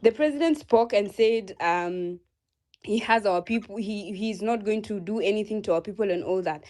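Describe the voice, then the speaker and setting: A woman's voice: medium pitch, normal speed, a little mellow. A woman with a Kenyan accent giving a furious, profane protest speech in an online audio space, rallying listeners.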